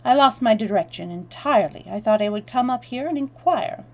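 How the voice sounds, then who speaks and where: A woman's voice: on the high side, expressive, fairly quick, a little mellow, pitched above the performer's own voice. A woman voicing a foppish foreign stranger with a put-on French accent, polite and evasive.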